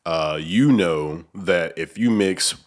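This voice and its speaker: A man's voice: low-pitched, slow. A man hosting a podcast in casual conversation, rambling with many fillers in a small room where voices bounce off the walls. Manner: rambling, filler-heavy, searching for words. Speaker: podcast host.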